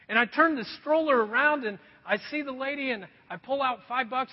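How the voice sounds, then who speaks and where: A man's voice: very high-pitched, animated, fast, few pauses. A man in his thirties preaching a sermon, telling stories earnestly and calling his listeners folks. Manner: earnest storytelling preacher, addresses the crowd as folks. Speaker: pastor. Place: church hall. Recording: dull echoey hall recording.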